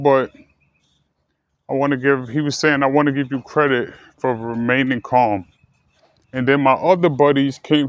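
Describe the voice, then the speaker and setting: A man telling a personal story in a halting way, with many fillers, restarts and repeated words. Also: medium pitch, no echo. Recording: dull, dry lo-fi sound.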